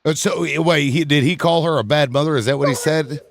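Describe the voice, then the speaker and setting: A man's voice: a little high, brisk, creaky, no echo, studio quality. A man moderating a live panel, hesitant with many fillers. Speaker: panel host.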